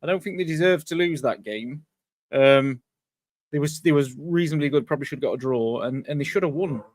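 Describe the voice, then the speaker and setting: A man co-hosting a casual football chat, giving his opinions in a relaxed, conversational way. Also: fairly high pitch, fairly quick, no echo.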